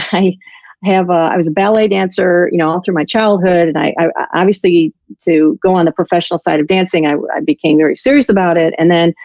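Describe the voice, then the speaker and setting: A woman who teaches resilience to law enforcement tells her story as a guest on an interview show, candid and self-deprecating, frequently restarting sentences. Her voice is fairly low with a darkish tone, and the lo-fi recording has no echo.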